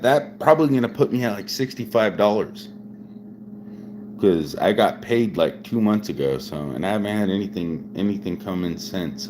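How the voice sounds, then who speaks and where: Background noise underlies this man's low-sitting voice. In his forties and several whiskeys in, he keeps drinking as he chats casually on a live stream, rambling, repeating himself, and often chuckling.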